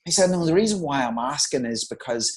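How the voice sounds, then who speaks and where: A man speaks over a video call, spinning anecdotes in a relaxed conversational way. He acts out quoted lines with lively shifts in his voice. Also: a little high, fast talker, rough recording. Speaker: guest. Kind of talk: casual storytelling.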